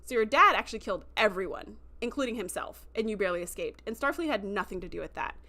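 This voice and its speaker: Brief: calm, firm woman starship captain, measured and bright, as a woman retells her lines. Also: medium pitch.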